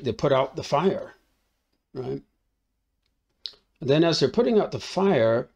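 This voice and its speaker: A gravelly, medium-pitched male voice recaps a movie's story in a casual spoken review. He tacks "right?" onto his sentences amid plenty of fillers, sounding conversational as he works through his thoughts.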